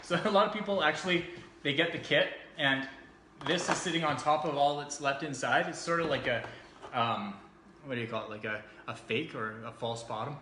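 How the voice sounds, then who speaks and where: A man chatting casually and cheerfully through a product walkthrough, joking and filling pauses with ums. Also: mid-range voice, bright, forceful tone, slight background noise. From Canada. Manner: chatty, upbeat, jokey, with frequent fillers. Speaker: vlogger reviewing essential oils. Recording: echoey room.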